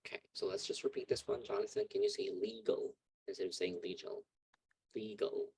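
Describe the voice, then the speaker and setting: A man teaching an online English lesson on a video call, calling on students and patiently repeating words slowly to drill pronunciation. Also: fairly low pitch, gravelly, darkish tone, breathy edge, rough recording.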